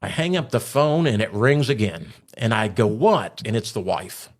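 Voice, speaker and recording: A man's voice: lowish voice, animated, normal speed. A man telling a story in a casual way, acting out the other voices as he retells it. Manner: acts out voices in his retelling. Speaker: storyteller recounting a robbery.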